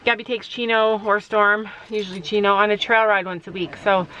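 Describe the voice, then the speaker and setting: A middle-aged woman chatting casually in a vlog, mother and horse owner, switching to a high baby voice for her pets. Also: fairly even intonation, brisk, bright, forceful tone, lo-fi sound, slight background noise. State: out of breath.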